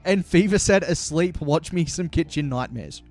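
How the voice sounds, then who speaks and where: Young Aussie male streamer-caster, high voice, playful hype, light music bed. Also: normal speed, darkish tone. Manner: chatty, hyped, playful banter with chat. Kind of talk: live stream commentary.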